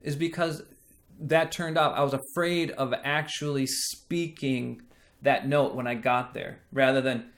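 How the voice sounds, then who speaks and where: A man teaching a singing lesson, explaining slowly and checking in with the listener as he goes. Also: medium pitch, steady tone, a bit bright. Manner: slow, explanatory teaching with frequent "right?" checks. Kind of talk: singing lesson with sung demonstrations.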